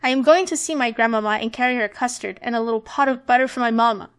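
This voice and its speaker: A woman's voice: on the high side, fast talker, clean tone, lightly acted. A woman voicing an innocent, trusting little country girl who speaks politely and earnestly.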